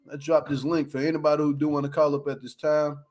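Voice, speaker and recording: A man's voice: on the high side, little pitch movement, fast, darkish tone, soft background music. A man hosting a casual livestream, reviewing a reality show, laughing often as he retells scenes with lots of slang.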